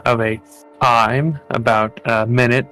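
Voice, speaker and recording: A man narrating as game master in a tabletop game, halting often with fillers and restarts. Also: mid-range voice, fairly even intonation, bright, forceful tone, faint music behind.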